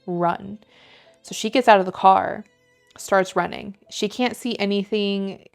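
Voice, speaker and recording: A woman's voice: medium pitch, steady tone, unhurried, clean tone, soft background music. A woman co-hosting a podcast, retelling a story in a chatty way, full of "like" fillers and casual swearing. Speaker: podcast co-host.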